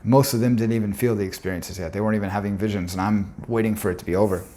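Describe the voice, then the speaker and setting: A man's voice: lowish voice, steady tone, racing, warm tone, slight background noise. Earnest man telling an intense story. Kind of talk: personal storytelling monologue.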